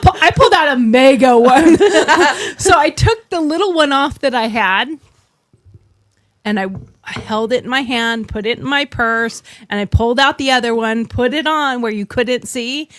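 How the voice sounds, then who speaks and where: Casting: American woman, slightly high voice, blunt, swears a lot, dry close sound, casual storytelling. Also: normal speed, dry recording. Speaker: podcast host. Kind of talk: casual chat.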